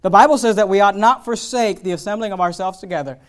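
A high-pitched male pastor in full sermon mode. He drops to quiet, close asides, then climbs into loud, hammering runs of repeated phrases. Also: fast. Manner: preaching with swings from hushed to loud, emphatic repetition.

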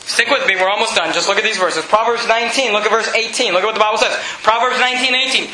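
A man preaching a sermon, emphatic and repetitive, often shouting. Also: sits high, fast talker, hardly any pauses, roomy sound, poor audio.

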